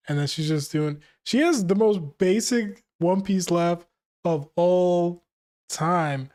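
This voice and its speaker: A young man reads a manga chapter aloud and reacts to it as he goes, cracking jokes and laughing along the way. His voice sits a touch higher than most men's, and his talk stays relaxed and casual. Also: slow pace. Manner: reads dialogue aloud, breaks off to joke and laugh.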